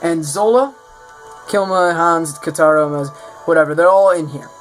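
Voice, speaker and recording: Soft music plays under a man's higher-pitched voice as he walks through a game mod he built, talking at an ordinary speed. It's a relaxed showcase presentation, rambling and offhand, with him frequently fixing what he just said.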